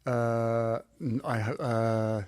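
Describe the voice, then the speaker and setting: A man's voice: medium pitch, flat delivery, a little mellow, clean tone, no room sound, studio quality. A British man answering interview questions in a casual, hesitant way, stopping and restarting and poking fun at himself. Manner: hesitant, self-deprecating, halting restarts. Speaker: interview guest.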